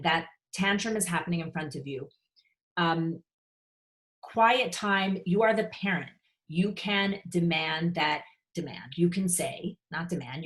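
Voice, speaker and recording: A woman giving parenting advice in a frank, conversational online talk, acting out short parent and child exchanges. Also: on the low side. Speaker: parenting speaker.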